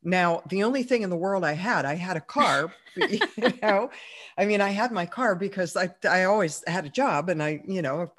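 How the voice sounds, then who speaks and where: A woman's voice: lowish voice, lively intonation, moderate pace. A woman as an interview guest, chatting through a personal story with plenty of fillers and easy laughs. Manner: chatty, many fillers, laughs while telling.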